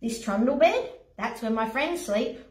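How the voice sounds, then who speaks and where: An earnest little boy trying to get his guest to bed in a children's storybook, firm and bossy, as a woman reads his part. The voice sits high and swings lively. The room echoes, and the reader is off-mic. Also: a little slow. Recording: roomy echo, voice from a distance.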